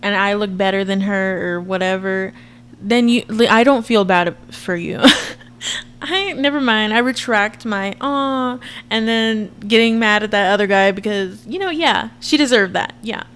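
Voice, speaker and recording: A woman in her twenties giving a chatty, expressive reaction commentary to her viewers. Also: on the high side, unhurried, slight background noise. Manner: chatty and expressive, frequent laughs and asides to viewers. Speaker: reaction vlogger.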